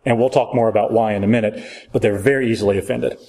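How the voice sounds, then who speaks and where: A man's voice: lowish voice, steady tone, fast, mellow. Casual man teaching a church class. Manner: casual, joking, asks the class questions. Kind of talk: conversational Bible class lecture.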